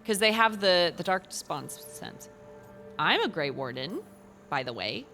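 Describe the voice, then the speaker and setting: Excitable woman streamer, bright lively voice. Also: fairly low pitch, unhurried. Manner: excitable, laughs often, gushing asides. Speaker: gaming streamer. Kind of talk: casual let's-play commentary. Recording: game music behind.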